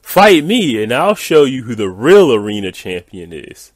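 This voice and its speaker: A man putting on the voice of a loud, boastful gamer nerd who cackles and taunts. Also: mid-range voice, very animated, a little slow, breathy edge, dry recording, studio quality, voice pushed up. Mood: mocking.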